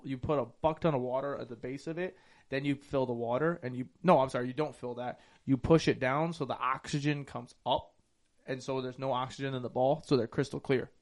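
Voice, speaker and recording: A man hosting a podcast, chatting loosely and crudely, rambling through explanations with plenty of swearing. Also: medium pitch. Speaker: podcast host. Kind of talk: casual crude podcast banter.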